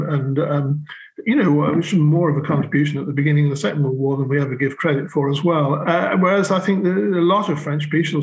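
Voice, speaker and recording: A man talking as a podcast guest, reflecting at length with small hesitations. His voice sits a little high for a man. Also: poor audio. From Britain. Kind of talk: reflective commentary.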